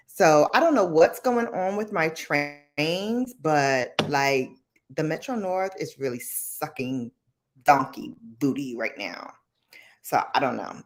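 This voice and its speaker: A woman hosting a casual live stream, chatty and slangy, often calling out greetings to viewers in a loud, high voice. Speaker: livestream host.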